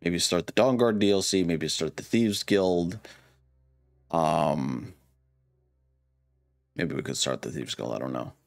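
A man's voice: sits low, unhurried, creaky, pauses often, soft background music. A tired man hosting a let's-play, thinking aloud hesitantly with many fillers. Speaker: gaming channel host. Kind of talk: casual let's-play commentary.

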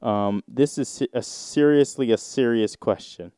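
A man hosting a casual solo podcast, reading search results aloud and riffing on them in a rambling, drawn-out way with sudden mocking outbursts. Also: medium pitch, mellow, smooth, dry recording, clean studio sound. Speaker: podcast host.

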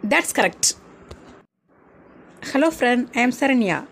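A woman's voice: a little high, expressive, unhurried, a bit bright, slight background noise. A woman voicing a bold, fearless schoolgirl who talks tough and encourages a shy friend. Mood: encouraging. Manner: boastful threats, then friendly and encouraging. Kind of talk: storybook drama.

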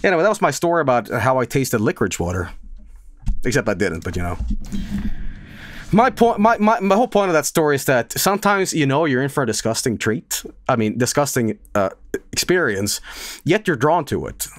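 A young male game streamer telling a story into a desk microphone at home, laughing and cursing as he goes. His pitch swings widely from low mutters up to sudden yelps. The sound is close and completely dry, with no room around it. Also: a little fast, no room sound. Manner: animated, laughing, swearing, with sudden loud outbursts. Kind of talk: casual storytelling on a live stream.

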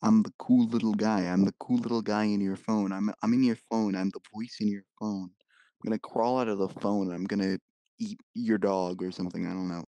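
A man's voice: fairly low pitch, steady tone, a little fast, mellow, no echo, lightly acted. A man playing a small playful creature living inside a phone, rambling about what it will eat.

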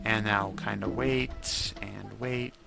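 A man's voice: fairly low pitch, steady tone, takes it slowly, gravelly. A man in his twenties giving casual, rambling gameplay commentary, grumbling at the game and joking at his own expense. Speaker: let's play host. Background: faint game music.

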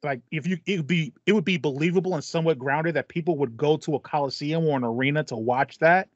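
Casual gaming podcast co-host, man, slightly high voice, rambling delivery, dull lo-fi sound. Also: fast, no echo. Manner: rambling, pitches ideas with restarts and fillers. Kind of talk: casual chat.

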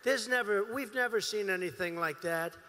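A man's voice: sits high, normal speed, pushed and bright. A man giving a campaign rally speech, emphatic and repetitive in his phrasing, at a large venue. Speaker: political candidate. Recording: long reverb of a large hall.

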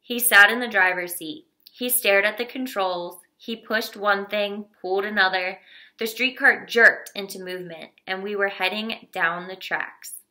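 Bright-voiced woman narrating a novel. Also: medium pitch, fairly even intonation, a little slow. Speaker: audiobook reader. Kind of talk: scripted narration of a children's novel.

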